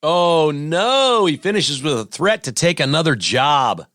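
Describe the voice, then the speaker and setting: A man's voice: a little high, sing-song, measured pace, a bit bright, no echo, studio quality. A male sports talk host giving blunt, sarcastic opinions on the news of the week.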